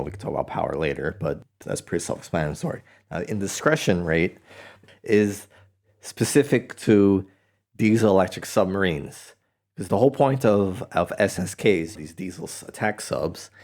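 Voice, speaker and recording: A man's voice: sits low, darkish tone. A man hosting a podcast, explaining at length in a blunt, wry way with sarcastic asides. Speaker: podcast host. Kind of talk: explanatory monologue.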